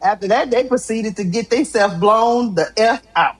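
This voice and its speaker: A middle-aged woman hosting a live sports talk stream, animated and exclamatory, laughing often. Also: on the high side, normal speed, poor audio. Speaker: sports talk show host.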